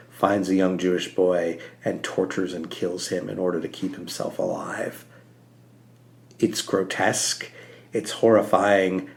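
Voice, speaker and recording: A man co-hosting a podcast, talking earnestly and animatedly about a comic, with frequent "like" fillers. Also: low voice. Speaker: podcast co-host. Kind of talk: casual podcast discussion.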